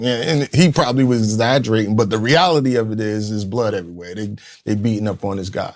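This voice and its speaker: Talking fast with hardly any pauses, this community leader from Newark, New Jersey, in his fifties, has a fairly low, slightly mellow voice. On the podcast he recounts a personal story in raw, profane, streetwise language, vividly impersonating those he quotes.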